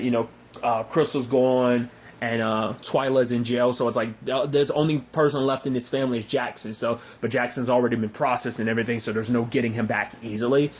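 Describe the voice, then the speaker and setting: A man casually recapping a TV episode, rambling and animated, with frequent fillers and restarts. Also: mid-range voice, slight background noise. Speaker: TV show recapper.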